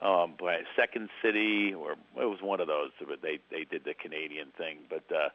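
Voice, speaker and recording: A middle-aged man with a Philadelphia accent, a guest comedian telling stories in a casual phone interview, with animated, jumping delivery. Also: low-pitched, a little fast, dull audio. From Philadelphia, USA. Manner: animated storyteller, lively voice jumps.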